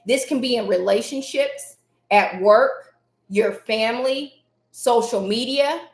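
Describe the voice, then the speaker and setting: A woman's voice: a little high, slow, roomy sound. Emphatic woman hosting a motivational live stream. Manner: emphatic, repeats key phrases, reads chat names aloud.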